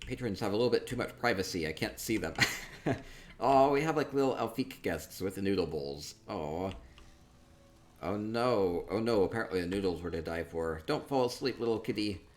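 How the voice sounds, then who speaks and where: A man chatting casually through a tour of a game, upbeat and quick to repeat himself, with soft laughs between remarks. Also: low voice, animated. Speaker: gaming streamer touring player-built homes. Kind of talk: casual gameplay commentary.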